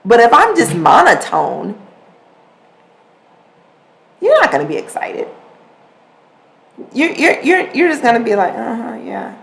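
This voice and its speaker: Give me a woman podcast host with a gravelly voice, talking casually and animated. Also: fairly high pitch, measured pace, long pauses, slight background noise, low-quality recording. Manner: conversational, animated, acts out examples. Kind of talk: solo podcast talk on communication.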